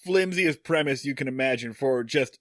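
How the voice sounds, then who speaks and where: A man's voice: medium pitch, normal speed, a bit bright, no room sound, studio quality. A man co-hosting a podcast in casual chat, wry and joking, full of fillers. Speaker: podcast co-host.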